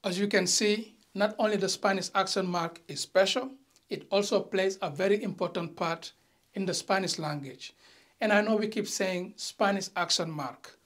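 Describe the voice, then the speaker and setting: A teacher giving an online lesson, talking straight to viewers with light teasing and reading example sentences slowly and carefully. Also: medium pitch, a bit bright. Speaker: language teacher.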